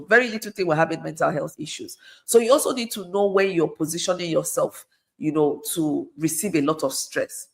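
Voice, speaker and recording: A middle-aged woman, speaking as a guest in an earnest, conversational way and repeating phrases for emphasis. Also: fairly low pitch. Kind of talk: conversational advice talk.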